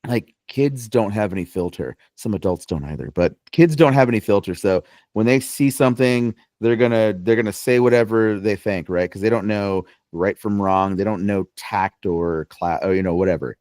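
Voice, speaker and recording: A man's voice: lowish voice, normal speed, few pauses, a little mellow, no room sound. A young man co-hosting a podcast, chatting casually and telling playful, joking stories. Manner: playful storyteller, joking and teasing. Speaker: podcast co-host. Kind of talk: casual chat.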